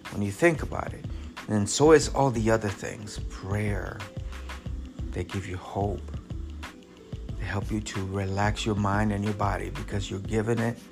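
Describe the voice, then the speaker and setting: Earnest man giving a wellness talk. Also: medium pitch. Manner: earnest and emphatic, lists points, drops to soft tones. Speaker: wellness speaker. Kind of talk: motivational talk with storytelling.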